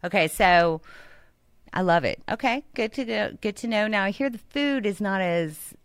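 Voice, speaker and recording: A woman co-hosting a casual chat, bubbly and quick to laugh. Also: mid-range voice, clean tone, no echo, clean studio sound. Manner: bubbly, laughs often, animated. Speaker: podcast co-host.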